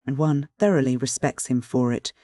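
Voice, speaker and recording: A reader voicing a calm, quiet soldier's daughter. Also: female voice, rumbling low, no echo, clean studio sound. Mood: measured. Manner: quiet and measured. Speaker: character in an audiobook. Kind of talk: audiobook reading.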